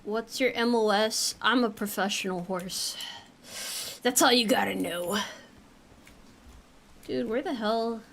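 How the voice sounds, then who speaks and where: A young woman with a voice pitched a little high chats through a game stream. She keeps up a playful, teasing running commentary, tossing in casual swears. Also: slow pace, gravelly, pauses often, fairly bright tone. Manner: playful, jokey, swears casually while playing.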